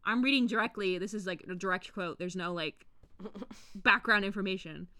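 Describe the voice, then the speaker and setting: A woman co-hosting a casual podcast, excitable and giggly, reading excerpts aloud with quick asides. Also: medium pitch, dry recording, clean studio sound. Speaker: podcast co-host.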